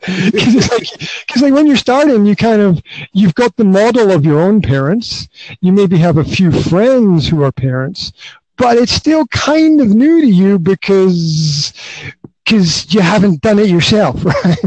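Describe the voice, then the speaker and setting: Chatty high-voiced man hosting a podcast. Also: animated, measured pace, darkish tone, dry recording, low-quality recording. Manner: rambling, many fillers and restarts, frequent "right?". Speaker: podcast host. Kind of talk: casual conversational podcast chat.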